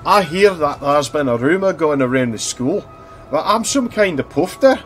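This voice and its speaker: A man voicing a stern male deputy headteacher from his school days, firm and measured, never raising to a shout. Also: on the high side, animated, faint music behind, voice pushed up, close to an everyday voice. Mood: sternly calm.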